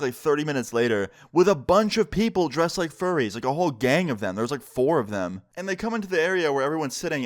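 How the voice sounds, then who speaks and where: Animated young man telling a story. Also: mid-range voice. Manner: animated, emphatic storytelling with frequent fillers. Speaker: YouTuber. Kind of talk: casual story time vlog.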